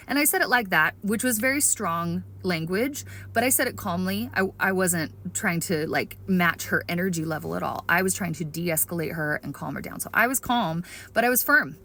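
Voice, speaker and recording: A woman's voice: lowish voice, moderate pace, bright, forceful tone. Earnest woman sharing an opinion on camera. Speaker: video creator. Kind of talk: opinion vlog talking to camera.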